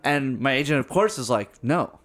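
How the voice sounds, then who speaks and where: A man co-hosting a sports podcast, chatting casually, blunt and quick with jokes. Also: mid-range voice, big pitch swings. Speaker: podcast co-host. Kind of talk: casual chat.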